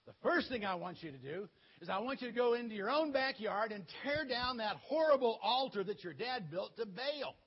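A man voicing God as a calm, commanding male deity who gives casual, matter-of-fact orders in a children's Bible story. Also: sits high, husky, muffled recording.

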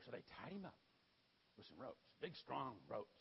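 A man's voice: medium pitch, very animated, moderate pace, vocal fry, dull audio, a little hiss or hum. A man telling a Bible story to children in a children's sermon, in a folksy and dramatic way.

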